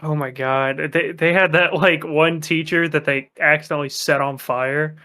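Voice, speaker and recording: A man's voice: on the high side, steady tone, moderate pace, sharp tone. A young man co-hosting a casual podcast, eagerly chatting and retelling a favorite scene. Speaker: podcast co-host. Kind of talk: casual chat.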